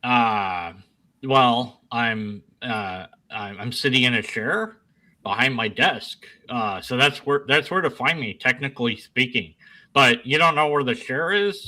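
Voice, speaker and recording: A man's voice: medium pitch, lively intonation, measured pace, sharp tone, poor audio. A man rambling goofily and self-deprecatingly as a guest on a casual online panel, speaking from his desk at home.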